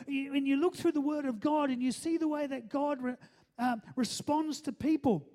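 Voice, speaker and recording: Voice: medium pitch, mellow. A pastor preaching a sermon, stressing each point and often asking the listeners if they are following. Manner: keeps checking in with the listeners, emphatic.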